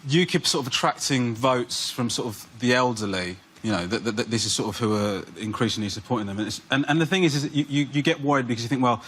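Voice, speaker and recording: A man's voice: medium pitch, fairly bright tone. A man comedian on a panel show, rambling through jokes with lots of "you know" and "sort of". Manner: rambling, fast, full of fillers. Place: TV studio with audience. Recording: clear background noise.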